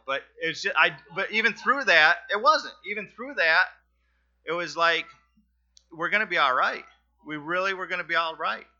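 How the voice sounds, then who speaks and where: A middle-aged man nervously giving a personal testimony in front of his church congregation, halting and earnest, with many fillers and restarts. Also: medium pitch, sharp tone, dull audio. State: nervous, sweating.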